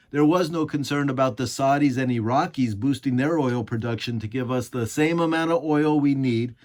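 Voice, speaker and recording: Indignant American man reading commentary. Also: medium pitch. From United States. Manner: sarcastic, indignant, rhetorical questions. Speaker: commentary host. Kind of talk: scripted political commentary.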